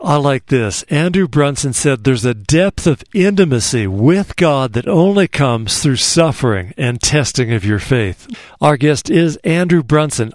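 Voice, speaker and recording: A man's voice: medium pitch, no echo, clean studio sound. A man hosting a talk show, introducing his guest with enthusiastic emphasis.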